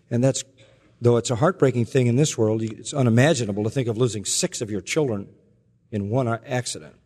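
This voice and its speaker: A man's voice: mid-range voice, slightly rough. Earnest preaching man in a reverberant hall. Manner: earnest storytelling, slows and softens for emotional quotes. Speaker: pastor. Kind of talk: sermon. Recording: long reverb from a large hall.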